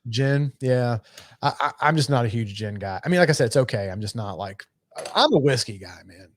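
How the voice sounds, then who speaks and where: A man's voice: mid-range voice, animated, fairly quick. A man co-hosting a podcast, chatting casually in a laid-back, rambling way with plenty of fillers and swearing. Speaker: podcast co-host. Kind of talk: casual chat.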